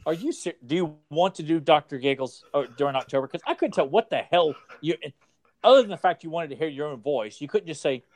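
A man's voice: fairly high pitch, animated, brisk. A man co-hosting a podcast, chatting casually, teasing and rambling. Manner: teasing, mocking voices, rambling. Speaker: podcast co-host. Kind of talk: casual chat.

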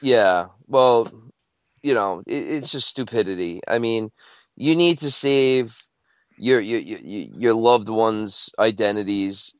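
A man in a casual podcast chat who talks haltingly, with many fillers and repeats. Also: fairly low pitch, dry recording. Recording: dull, dry lo-fi sound.

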